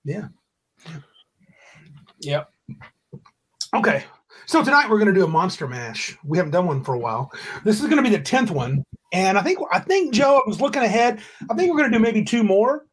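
A man's voice: high-pitched, very animated, moderate pace, pauses often, husky. A man hosting a casual tabletop game podcast over a video call, rambling and correcting himself as he reads rules aloud. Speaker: podcast host.

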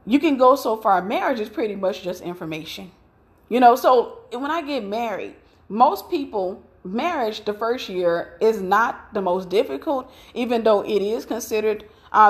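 A middle-aged woman preaching in a conversational, storytelling way, telling about her own marriage. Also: medium pitch. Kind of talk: sermon with personal story.

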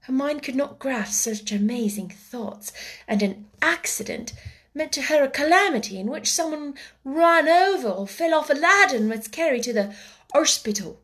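A woman narrates a classic children's story in a voice pitched somewhat high for a woman. Her delivery is expressive and shifts with the story, at times sinking to a hushed whisper. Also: normal speed. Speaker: audiobook narrator.

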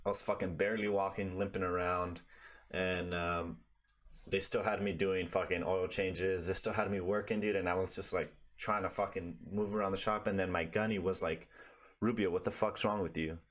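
A man's voice: low-pitched, little pitch movement, moderate pace, a bit bright. A man telling a story in casual, profane conversation over a video call, rambling with lots of fillers.

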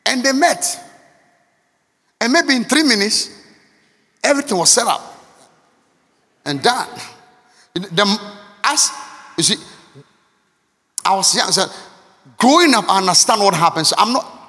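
Preacher, high and gravelly in a big reverberant hall. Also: male voice. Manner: impassioned, repetitive, swings between shouting and near-murmur. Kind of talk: sermon. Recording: long reverb of a large hall.

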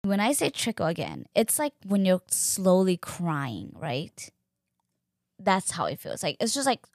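A young woman telling a personal story in a chatty, animated way, full of "like" and acted-out quotes. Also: lowish voice, no room sound, studio quality. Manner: animated, chatty, fills speech with "like", acts out quotes. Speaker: podcast host. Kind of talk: casual storytelling.

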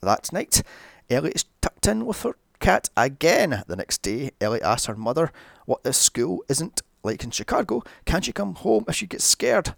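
A man's voice: fairly high pitch, big pitch swings, normal speed, vocal fry, dry recording, clean studio sound. A man narrating a sarcastic movie recap, full of profane, mocking asides. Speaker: film recap commentator.

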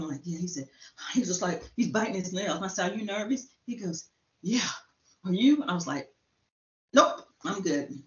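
Fast-talking woman telling a lively story. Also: lowish voice. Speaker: guest. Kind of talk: casual chat, telling an anecdote. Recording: roomy, slightly dull sound.

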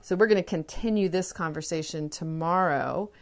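A woman's voice: lowish voice, moderate pace. Woman hosting a parenting podcast. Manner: acts out children's lines in example scenarios. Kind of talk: solo podcast talk.

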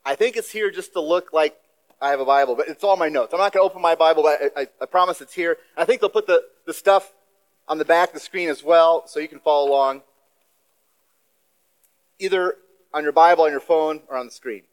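A man giving a sermon as a guest preacher in a church, talking in a relaxed, conversational way with casual asides. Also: on the high side, fairly quick, rough recording. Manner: conversational, self-deprecating asides.

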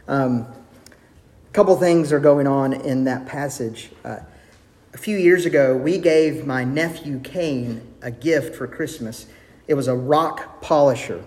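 Brief: male pastor, slightly high voice, earnest sermon, church hall reverb. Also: moderate pace. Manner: earnest, varies pace, drops to soft intimate tones for quotes.

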